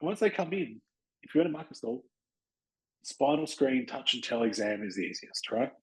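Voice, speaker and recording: A man's voice: mid-range voice, lively intonation, normal speed, poor audio. Blunt, chatty Australian man coaching. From Western Australia. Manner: blunt, chatty, acts out little dialogues with people. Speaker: podcast host and chiropractic practice coach. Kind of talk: casual coaching talk.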